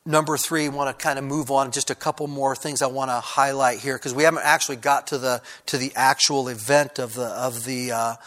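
Bright-voiced preaching man. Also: mid-range voice, level tone, fairly quick, hardly any pauses. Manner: preaching with many restarts, rising to loud fervor. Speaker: pastor. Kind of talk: sermon.

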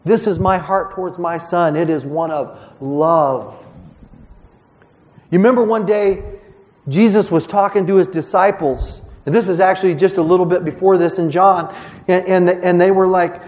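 A male pastor delivering a sermon in a fairly high voice. He talks in a conversational, earnest way, often restarting his phrases. He acts out quoted lines as he goes. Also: normal speed, darkish tone.

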